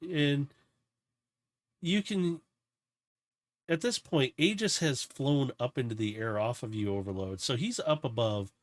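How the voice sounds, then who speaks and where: A man's voice: medium pitch, no echo. A man narrating as game master of a tabletop game, loose and rambling with restarts.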